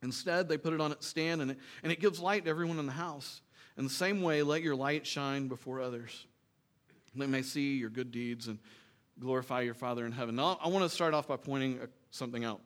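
A man's voice: medium pitch, brisk. A man preaching a sermon to his congregation in a conversational way, reading scripture and asking rhetorical questions. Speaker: pastor.

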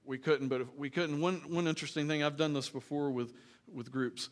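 A man pastor preaching a sermon in a church, earnest and emphatic, dropping into quiet, joking asides. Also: on the high side, steady tone, brisk.

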